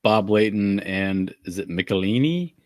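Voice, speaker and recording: A man's voice: fairly low pitch, expressive, measured pace, dry recording, studio quality. A man co-hosting a casual comic book podcast chat, speaking in a blunt, sardonic way. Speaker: podcast co-host.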